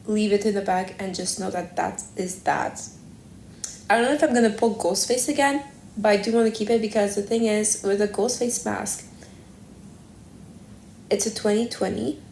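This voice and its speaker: A woman's voice: medium pitch, vocal fry, mellow. Rambling woman livestreaming in an echoey room. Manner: rambling, self-correcting, thinking aloud. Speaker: livestream host. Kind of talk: casual livestream chat. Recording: echoey room with faint background noise.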